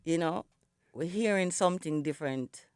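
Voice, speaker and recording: A woman's voice: deep voice, normal speed, darkish tone, smooth, no room sound, clean studio sound. A middle-aged Jamaican woman, a singer, speaking reflectively in a radio interview, still in her morning voice and dotting her speech with "you know". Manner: reflective, storytelling, many "you know" fillers. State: morning voice, not yet warmed up. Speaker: singer and guest. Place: radio studio.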